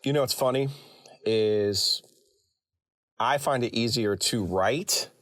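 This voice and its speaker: A man's voice: medium pitch, slow, no echo, studio quality. A man being interviewed as a guest, talking casually and working his thoughts out aloud. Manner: relaxed, thinks aloud with fillers and restarts. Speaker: guest, sports journalist and radio personality.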